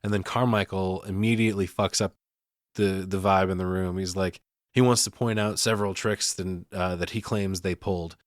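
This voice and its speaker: A man's voice: deep voice, steady tone, normal speed, no echo, clean studio sound. A man hosting a podcast, recapping a horror film in casual, profane chat and laughing often. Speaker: podcast host.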